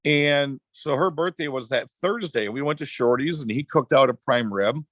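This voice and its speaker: A man's voice: mid-range voice, moderate pace, dry recording. Chatty middle-aged man telling a story. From Wisconsin. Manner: chatty, animated anecdotes with quoted dialogue. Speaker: podcast guest, former racetrack announcer. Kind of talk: casual storytelling.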